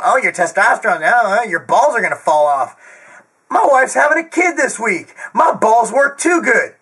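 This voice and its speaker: A man rants straight to camera as a fitness host, loud, profane and full of crude jokes. His voice is pushed very high and lands bright and sharp, with a husky edge. The pitch leaps up and down all the way through. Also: rough recording. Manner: loud, screaming, profane and brash; jokey, crude asides. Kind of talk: ranting direct-to-camera monologue.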